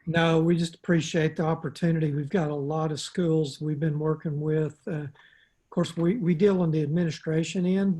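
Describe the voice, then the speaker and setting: Man, partner rep on a video call, husky mellow voice, modest and low-key. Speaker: partner organization representative. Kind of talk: brief remarks on a video call.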